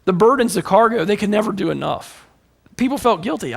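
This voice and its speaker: A man preaching a sermon in a fairly high voice with a gravelly edge. He tells stories with animation and swings from emphatic points to hushed asides. He is a young adult pastor. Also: lively intonation, fairly quick.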